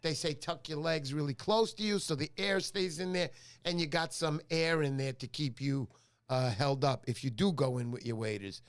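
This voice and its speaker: At a moderate pace, a middle-aged man runs a relaxed home fishing livestream, being chatty and joking while he welcomes viewers by name. His fairly high voice has a clear, resonant tone.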